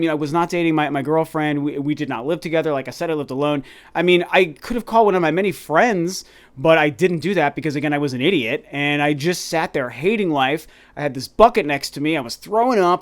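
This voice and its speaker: A man in his thirties, a gaming YouTuber, telling a long rambling story to his viewers in a casual, animated way. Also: a little high. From Colorado, USA. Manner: animated, rambling, addresses viewers as "you guys".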